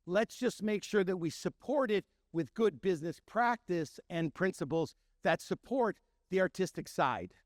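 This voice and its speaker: A middle-aged man, a chef and restaurant owner, telling stories in an animated way and acting out the voices of the people he quotes. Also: high-pitched, unhurried, hardly any pauses, no room sound, studio quality. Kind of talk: storytelling talk.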